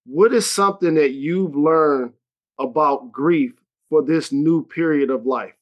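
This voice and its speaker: A man's voice: on the high side, unhurried, lo-fi sound. A man hosting a podcast, asking questions in an earnest, supportive way. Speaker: podcast host. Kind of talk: interview questions.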